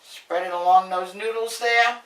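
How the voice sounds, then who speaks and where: Unhurried and fairly even in intonation, this woman has a mid-range, slightly bright voice. She's a home cook host from Brooklyn with a New York accent, narrating a cooking demo in a brash, chatty storytelling style. A camera mic across her indoor kitchen gives an echoey, distant sound.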